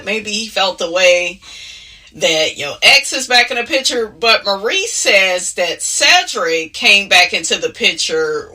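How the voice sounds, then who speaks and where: A woman's voice: fairly low pitch, pushed and bright, far from the mic. A woman talking casually as she recaps reality TV. She is sassy and outspoken and keeps dropping "honey" and "okay?" as asides. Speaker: reality TV commentator.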